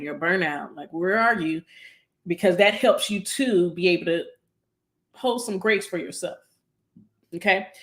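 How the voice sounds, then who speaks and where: A woman psychologist talking casually on a live stream, chatty and long-winded, with many fillers and an upbeat, encouraging manner. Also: fairly low pitch.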